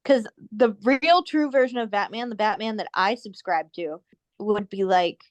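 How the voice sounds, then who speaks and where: A woman co-hosting a casual podcast, retelling a cartoon episode with animated storytelling. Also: medium pitch, moderate pace, no echo. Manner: animated storytelling, quoting characters in put-on voices. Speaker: podcast co-host. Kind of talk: casual chat recapping a cartoon.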